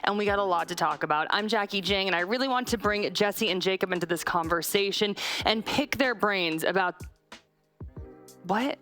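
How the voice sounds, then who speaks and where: A woman's voice: medium pitch, moderate pace, a bit bright, faint music behind. A woman hosting a live esports analyst desk, giggly and prone to breaking into laughter while steering the talk.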